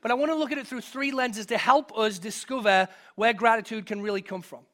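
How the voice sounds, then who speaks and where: A man delivering a sermon from the pulpit, his voice sitting high and ringing bright. He mixes scripture reading with relaxed personal stories, then pushes up to emphatic peaks on his main points. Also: brisk. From from outside the US. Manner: storytelling, conversational, builds to emphatic peaks. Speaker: pastor.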